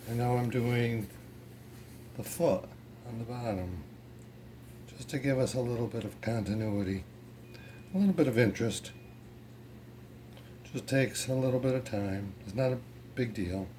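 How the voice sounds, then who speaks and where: Man, pottery teacher, easygoing studio demo, light background hiss. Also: medium pitch. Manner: relaxed, chatty, with many fillers and restarts. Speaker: ceramics instructor. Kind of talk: casual how-to demonstration.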